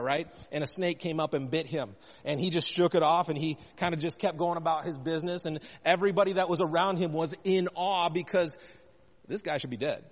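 Earnest preaching man in a reverberant hall. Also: fairly high pitch. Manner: earnest preaching, asks the congregation questions. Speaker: pastor. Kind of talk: sermon.

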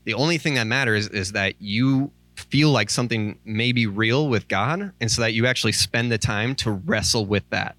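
Close to crying, a man serving as associate minister gives a casual, heartfelt sermon in church, pleading earnestly and filling it with "like" and "um." His lowish voice is bright and forceful at normal speed with few pauses, captured dry on a microphone.

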